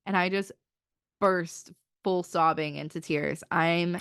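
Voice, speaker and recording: A woman's voice: fairly low pitch, fairly even intonation, slow pace, fairly bright tone, clean tone, no room sound, clean studio sound. A young woman in her twenties co-hosting a podcast, telling a personal story in a chatty way, full of "like" and acted-out quotes. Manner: chatty, many "like" fillers, acts out quotes. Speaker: podcast co-host. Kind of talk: casual storytelling chat.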